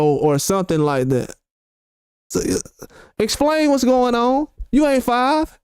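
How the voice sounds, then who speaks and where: A man's voice: high voice, sing-song, takes it slowly, darkish tone, smooth, no echo, clean studio sound. A man hosting boxing commentary, talking heatedly and repeating rhetorical questions.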